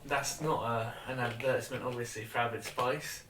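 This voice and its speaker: A man's voice: mid-range voice, fairly even intonation, brisk, fairly bright tone, far from the mic. A man co-hosting a podcast, bantering casually in a laid-back, teasing way. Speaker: podcast co-host. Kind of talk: casual chat. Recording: echoey room, off-mic.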